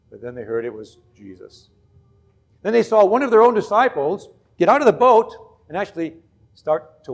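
A man serving as pastor, reading scripture aloud and then preaching in an earnest, measured way. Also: fairly high pitch.

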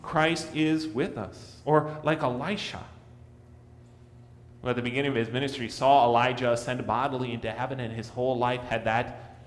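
A man preaching a sermon, earnest, rising for emphasis and dropping to a soft hush. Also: steady tone, moderate pace, in a large hall. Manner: earnest, rises in pitch and volume for emphasis, drops to a soft hush. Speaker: pastor.

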